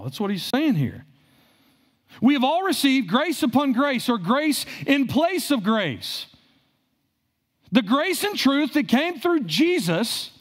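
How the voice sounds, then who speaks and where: A man's voice: sits high, breathy edge. A male pastor preaching a sermon, asking the congregation questions and repeating phrases for emphasis.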